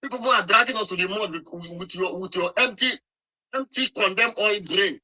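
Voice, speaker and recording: Man, Nigerian accent, high voice, very sharp tone, insistent, scolding, repeats words. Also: a little fast, low-quality recording. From Nigeria, Nsukka. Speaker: speaker in an online audio room debate. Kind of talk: heated political argument.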